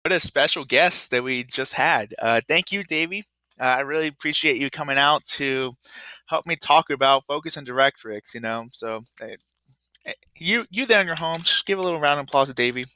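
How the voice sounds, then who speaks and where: A man teaching a casual, rambling video math lesson, often filling pauses with "uh". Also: a little high, bright, forceful tone, no room sound.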